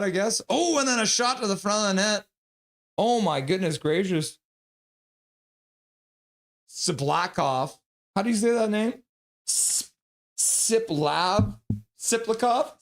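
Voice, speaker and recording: Guy doing casual live hockey play-by-play on stream, kinda high voice, jokey and chatty. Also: fairly bright tone. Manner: chatty, jokey, reacts to chat between calls.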